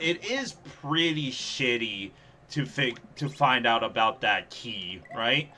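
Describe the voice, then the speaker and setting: Animated young man streaming a game. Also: mid-range voice, slight background noise. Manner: animated, sarcastic, quick reactions with laughs. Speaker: streamer playing a level contest. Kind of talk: live gameplay commentary.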